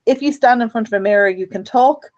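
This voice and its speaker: A woman's voice: a little high, quick pace, darkish tone, no room sound, highs cut off. A woman from Ireland hosting a radio self-help talk, earnest and encouraging, often repeating her phrases. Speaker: radio host.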